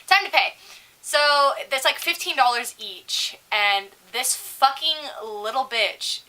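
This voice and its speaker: Young female co-host, bright and punchy, profane, animated storyteller. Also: fairly high pitch, normal speed, a little hiss or hum, rough recording. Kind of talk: casual chat.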